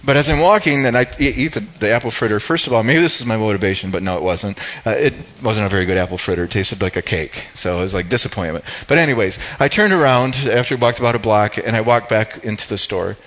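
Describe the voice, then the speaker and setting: A man's voice: on the low side, fast, hardly any pauses, fairly bright tone, highs cut off. An older man giving a personal storytelling sermon. He talks in a rambling, conversational way with many restarts and asides. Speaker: speaker giving a devotional talk.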